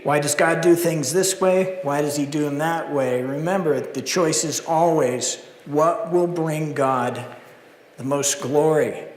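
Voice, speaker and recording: A male pastor preaching a sermon in a church, animated and acting out the story in character voices. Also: fairly high pitch, a little slow, roomy sound, big-room sound, slight background noise, low-quality recording. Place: church sanctuary.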